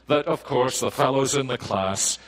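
A man with a Scottish accent preaching a sermon in a measured, deliberate way, pausing often and lifting his voice for emphasis. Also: medium pitch, rough recording. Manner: measured, deliberate delivery with pauses.

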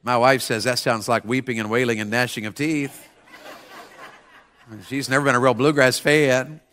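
A man preaching a revival sermon in a church, folksy and conversational, swinging from loud shouts to hushed mocking asides. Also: mid-range voice, steady tone, normal speed, slight background noise. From mountain region of the American South. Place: church sanctuary with congregation.

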